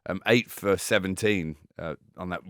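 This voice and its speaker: Guest with a lowish voice, lively storyteller, dry close mic, laughs a lot. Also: male voice, moderate pace, dry recording. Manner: animated storyteller, swears, laughs often. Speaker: guest, former cricketer. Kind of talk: casual chat.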